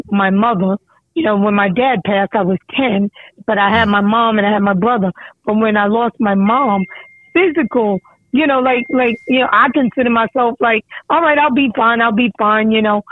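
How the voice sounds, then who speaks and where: A middle-aged mother on a phone call, talking in a rambling, halting way with many restarts. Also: a little high, dry recording. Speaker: caller, mother of a guest. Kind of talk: emotional phone chat. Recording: tinny phone line, dry.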